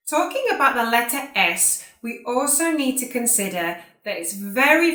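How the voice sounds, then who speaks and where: A woman, teaching a pronunciation lesson and modelling each word slowly and carefully for learners to repeat. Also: fairly high pitch, pushed and bright, reverberant.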